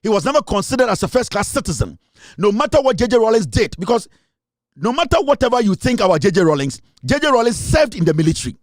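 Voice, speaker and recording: Ghanaian male commentator, high-pitched, heated and scornful, close dry mic. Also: big pitch swings, fast talker, no room sound. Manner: heated, scornful, repetitive, switching into Twi. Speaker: political commentator. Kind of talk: impassioned political monologue.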